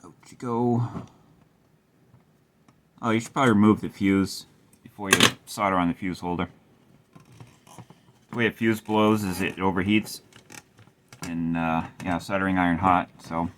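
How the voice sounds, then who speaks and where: A man's voice: low voice, steady tone, moderate pace, long pauses, noisy background. A middle-aged man casually rambling through an amp repair at his workbench, wry and swearing now and then. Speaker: amplifier repair host. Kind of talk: casual workshop tutorial.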